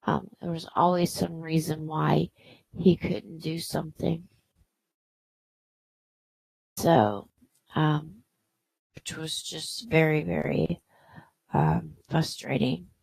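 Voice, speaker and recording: Low gravelly woman telling her story. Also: a little mellow, no room sound, low-quality recording. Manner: halting, with many fillers and restarts. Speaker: host. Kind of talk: personal storytelling.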